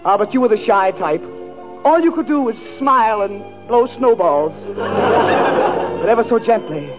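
A man's voice: sits high, sing-song, moderate pace, music in the background. A man performing a 1940s radio comedy monologue, declaiming in an overwrought mock-romantic way. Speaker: comedy show regular. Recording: tinny old radio broadcast. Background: orchestra and studio audience.

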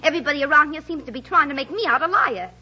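An actress playing an excitable, indignant wife with a Brooklyn accent in a 1940s radio comedy, on a lo-fi old broadcast. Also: female voice, sits high, very fast, full character voice.

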